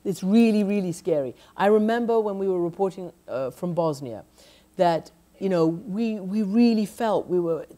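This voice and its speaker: A woman's voice: medium pitch, lively intonation, normal speed, dark tone. A middle-aged woman journalist in an onstage conversation, talking emphatically with frequent restarts and "you know". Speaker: journalist, lecture guest.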